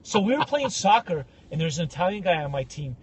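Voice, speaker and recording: Podcast co-host, male, high animated voice; tells stories and does everyone's voices. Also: brisk, crowd noise. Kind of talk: casual storytelling rant.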